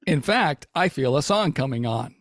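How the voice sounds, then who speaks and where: A man's voice: on the high side, lively intonation, moderate pace, no room sound, clean studio sound. A man doing a stilted AI chatbot. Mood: deadpan. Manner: formal, robotic phrasing. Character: stilted male AI chatbot prototype.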